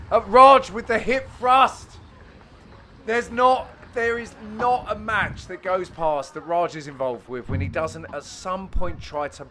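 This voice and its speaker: A man's voice: high voice, slight background noise. Jokey man commentating amateur padel. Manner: jokey, teasing, bursts of excitement. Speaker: amateur padel player commentating his own match. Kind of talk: casual self-deprecating match commentary.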